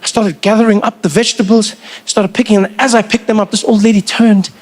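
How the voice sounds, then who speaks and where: South african comedian telling stories on stage, highish voice, acts out bits. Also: male voice, quick pace. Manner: animated storytelling, acts out characters. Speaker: stand-up comedian. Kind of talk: stand-up comedy.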